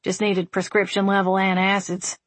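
A woman voicing a wry, patient man with a dry, steady, gently teasing manner. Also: medium pitch, moderate pace, no room sound, lightly acted.

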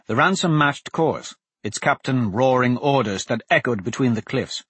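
A male audiobook narrator reads a fantasy novel in a measured, steady way. His voice is mid-pitched with a husky grain. The recording is dry and close. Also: no room sound.

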